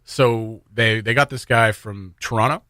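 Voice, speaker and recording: A man's voice: fairly low pitch, measured pace, bright, forceful tone, no echo, studio quality. A male radio host in casual chat, wry and sarcastic.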